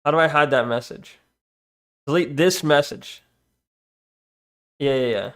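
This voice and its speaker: A man's voice: fairly high pitch, unhurried, fairly bright tone. Chatty male streamer reading chat. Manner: distracted, reads chat aloud, many restarts and "hold on"s. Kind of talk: casual live-stream chat.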